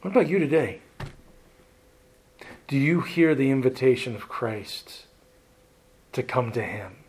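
Male preacher, unhurried sermon delivery, soft trailing phrase endings, direct questions to the congregation. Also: mid-range voice, lively intonation, breathy edge. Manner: slow, deliberate preaching that trails off softly at phrase ends; asks the listeners direct questions.

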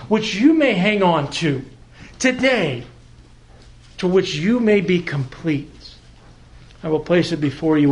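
A male pastor delivers a sermon with a high-pitched voice. He speaks slowly and emphatically, repeating key words and pausing to let phrases land. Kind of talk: expository sermon.

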